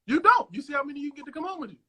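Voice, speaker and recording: A man guest in a casual interview, telling stories in a profane, animated way and acting out what others said, over a phone video call. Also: extremely high pitch, rapid-fire, a little hiss or hum. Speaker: actor guest.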